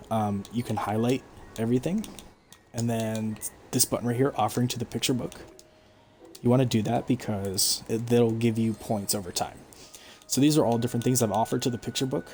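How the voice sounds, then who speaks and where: A man giving relaxed, explanatory commentary over his own gameplay stream, with frequent fillers. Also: lowish voice. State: hiccups. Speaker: gaming streamer.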